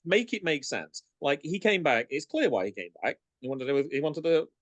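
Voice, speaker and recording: A man's voice: a little high, sing-song, normal speed, dry recording. A man in a casual podcast chat, giving opinions, thinking aloud and laughing easily. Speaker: podcast co-host.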